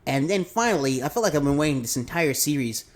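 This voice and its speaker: Southern dude on an anime review pod, super expressive voice, slangy, keeps acting out the scenes. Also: male voice, fairly high pitch, fast talker. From American South. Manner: animated, slangy, acts out characters' lines. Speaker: podcast co-host. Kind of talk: casual anime review chat.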